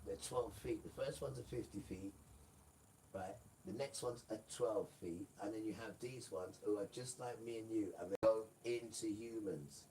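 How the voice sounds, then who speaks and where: A man's voice: on the low side, normal speed, warm tone. A man giving a rambling, emphatic live-stream monologue, often turning to his audience. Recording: distant mic with faint room noise.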